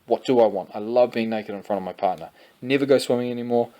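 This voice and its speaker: A man's voice: mid-range voice, fast talker, dark tone. A young adult man, presenting a fitness course energetically and repeatedly addressing viewers as guys. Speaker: fitness coach.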